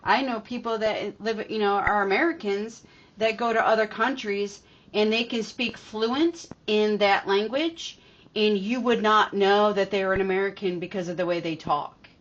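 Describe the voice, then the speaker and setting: A woman from New York with a New York accent touched by Southern speech, giving a channeled spiritual message in a repetitive, affirming way, then chatting casually. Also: medium pitch. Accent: New York, with picked-up Southern touches. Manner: repetitive, affirming, drawn-out phrasing. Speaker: spiritual reader. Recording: dull lo-fi recording.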